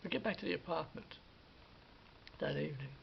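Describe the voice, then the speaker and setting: A man casually recounting a story for a vlog, animated, restarting his sentences and acting out what people said. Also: a little high, a little fast, vocal fry. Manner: animated retelling with acted-out quotes and many restarts. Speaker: vlogger. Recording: dull lo-fi sound with faint hiss.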